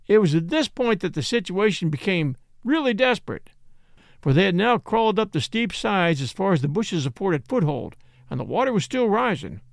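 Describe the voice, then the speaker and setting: High-voiced, lively male storyteller. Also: moderate pace, vocal fry, dry recording, studio quality. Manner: expressive storytelling. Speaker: narrator. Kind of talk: dramatic reading of a classic short story.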